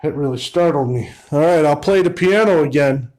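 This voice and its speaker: A man investigating an old house alone, talking in a hushed, startled way and asking questions of spirits. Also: a little high, moderate pace. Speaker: paranormal investigator. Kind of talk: solo ghost-hunting commentary.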